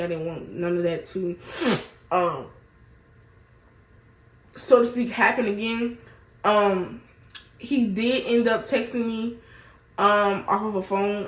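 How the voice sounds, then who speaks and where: A young woman vlogger telling a personal story in a casual storytime, often replaying what people said. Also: mid-range voice. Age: young adult. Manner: animated, retells quarrels in quoted voices. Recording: echoey room.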